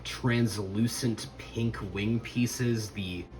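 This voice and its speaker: A man's voice: on the low side, steady tone, extremely slow, a little hiss or hum, low-quality recording. Tired man hosting a chatty review vlog. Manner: chatty and rambling. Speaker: host. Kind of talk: casual toy review vlog.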